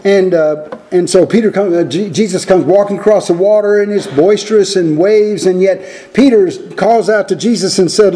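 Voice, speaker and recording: A man's voice: high voice, a little fast, few pauses, warm tone. Earnest man giving a folksy sermon. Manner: earnest, folksy, with frequent restarts; acts out quoted lines with a raised voice. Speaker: preacher.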